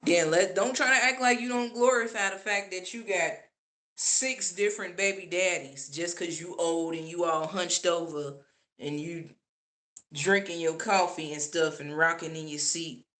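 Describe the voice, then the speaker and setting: A woman giving casual opinion commentary as a vlogger, sassy and animated, laughing often. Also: fairly low pitch, normal speed.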